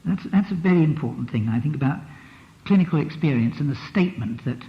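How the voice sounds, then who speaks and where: A man's voice: fairly high pitch, expressive, quick pace, creaky. A man giving a lecture as a psychotherapist, reflective and emphatic, often repeating a phrase with the stress shifted. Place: lecture hall. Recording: dull lo-fi archive recording in a reverberant hall.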